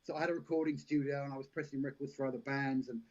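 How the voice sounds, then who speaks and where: A man's voice: mid-range voice, steady tone, rapid-fire, darkish tone. A man, an actor and podcast guest, telling long rambling anecdotes with restarts and laughs. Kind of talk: casual storytelling interview. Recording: lo-fi live stream audio.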